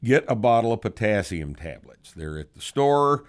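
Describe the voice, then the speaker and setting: Older guy w a really low voice, blunt and sarcastic, casual podcast chat. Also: big pitch swings, moderate pace. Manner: blunt, profane and sardonic. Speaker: podcast host answering listener questions.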